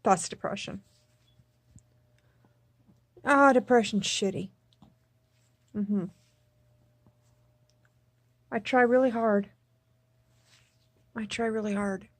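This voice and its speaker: A woman recording a personal video diary, speaking in a subdued, tearful, halting way and repeating herself. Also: on the high side, dry recording. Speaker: vlogger.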